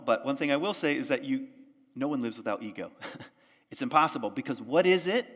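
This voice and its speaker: A man's voice: medium pitch, a bit bright. Guy preaching casually in a church, chatty, asks the crowd stuff, lots of reverb. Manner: conversational, asks the audience questions. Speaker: pastor. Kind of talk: sermon. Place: church sanctuary.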